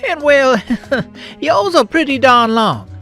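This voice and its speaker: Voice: high-pitched, lively intonation, slow pace, vocal fry, a bit bright, soft background music, full character voice. A performer voicing a chatty little boy rabbit. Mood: playful. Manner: chatty and playful, says y'all, laughs often. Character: small young boy rabbit, curious and playful.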